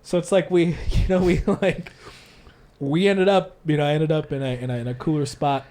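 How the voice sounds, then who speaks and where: A man hosting a casual podcast, talking in a rambling way with many restarts and lively put-on voices, recorded in a church. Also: a little high, moderate pace. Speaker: podcast host. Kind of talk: casual chat.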